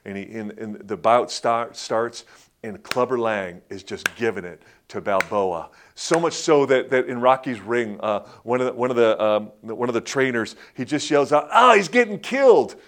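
A man preaching a sermon in a conversational way, with many fillers and restarts, who acts out quotes in a louder, higher voice. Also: normal speed, background noise. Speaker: pastor.

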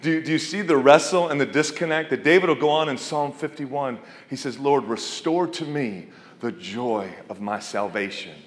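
A man's voice: medium pitch, moderate pace. A male pastor preaching a conversational sermon, often asking his congregation questions. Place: church hall. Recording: reverberant hall.

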